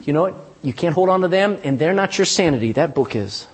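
Husky-voiced man preaching a folksy sermon. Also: on the high side, lively intonation, a little fast. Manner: folksy, emphatic preaching with asides to the congregation. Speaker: pastor. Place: church.

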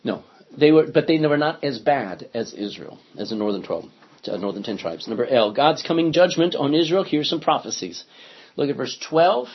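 A male pastor leads a Bible study in a casual, conversational way, reading verses aloud and checking in with his listeners. His voice is husky, and the recording sounds dull and lo-fi. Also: mid-range voice, expressive, normal speed. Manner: conversational, asks class questions, reads scripture aloud. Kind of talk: interactive Bible study teaching.

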